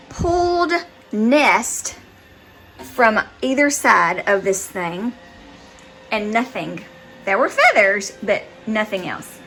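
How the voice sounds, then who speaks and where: A middle-aged woman from the Southern US with a Southern accent, chatting to viewers as she tells a story in her vlog, animated and talkative. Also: medium pitch, low-quality recording. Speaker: vlogger. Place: her house, indoors and out.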